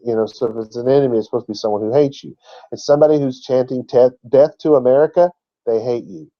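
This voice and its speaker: A man's voice: medium pitch, fairly even intonation, fast talker, creaky, lo-fi sound. A man giving an emphatic teaching talk who spells out words letter by letter. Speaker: Bible teacher.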